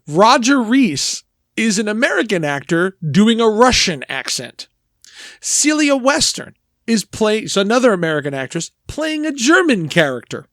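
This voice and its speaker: Male podcast co-host, slightly high-pitched, animated and digressive, dry studio sound. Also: unhurried, no echo. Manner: animated, rambling, emphatic with restarts. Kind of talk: casual film discussion.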